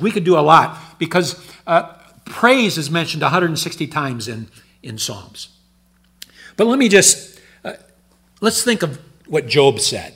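An older man preaching a sermon, switching between loud emphatic lines and low, quiet asides. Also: breathy edge.

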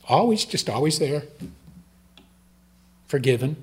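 Husky man preaching with sharp dynamic swings. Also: big pitch swings, a little slow, long pauses. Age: older. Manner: swings between loud emphatic bursts and low quiet asides. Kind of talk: sermon.

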